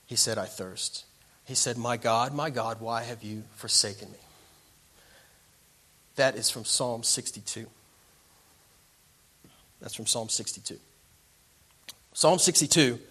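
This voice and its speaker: Man preaching with dramatic hushed swings. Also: mid-range voice, breathy edge. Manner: dramatic swings between loud emphasis and hushed tones; slows down for emphasis. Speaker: pastor. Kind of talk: sermon.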